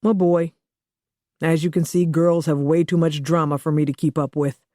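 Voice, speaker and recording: A woman's voice: sits low, level tone, moderate pace, warm tone, no echo, studio quality, natural voice. A woman voicing a blunt, profane young man who is about to become a father, read for an audiobook. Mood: teasing. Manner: profane, teasing, matter-of-fact. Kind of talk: audiobook dialogue reading.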